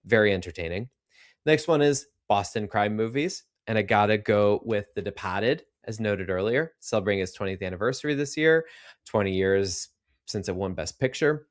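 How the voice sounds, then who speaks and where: Low-voiced man on a movie podcast. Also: normal speed. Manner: enthusiastic, retells scenes with quoted lines. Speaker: podcast co-host. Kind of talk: casual chat.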